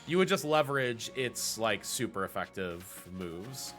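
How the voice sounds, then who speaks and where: With faint music behind him, a Pacific Northwest man gives casual commentary while gaming on a live speedrun stream, walking through the routing at length with fillers and self-corrections. His American-accented voice sits on the low side, a bit bright, lively in intonation and measured in pace.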